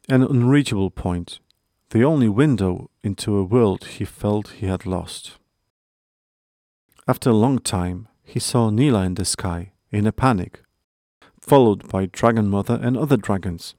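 A man narrating a storybook in a measured, earnest way. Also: fairly low pitch, warm tone, no room sound, clean studio sound.

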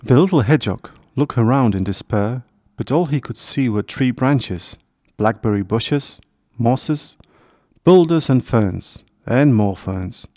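A man narrating a children's storybook in a gentle, expressive reading voice. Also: medium pitch, a little slow, dry recording, clean studio sound.

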